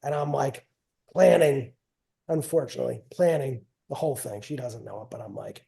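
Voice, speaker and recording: A middle-aged wrestling coach telling stories in a casual interview, rambling and repeating phrases with a self-mocking humor. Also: male voice, medium pitch, animated, moderate pace, creaky, mellow.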